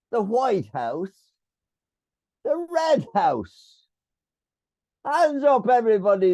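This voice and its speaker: A man's voice: warm tone, no room sound. Theatrical older Irishman hosting a meeting. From Ireland. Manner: theatrical, booming, teasing the audience. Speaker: meeting host.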